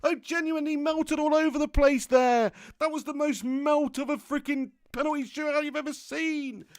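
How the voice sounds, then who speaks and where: Excitable streamer man shouting. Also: very high voice, moderate pace. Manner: excitable, shouting and laughing, swears freely. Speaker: gaming streamer. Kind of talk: live-stream commentary and chat reading.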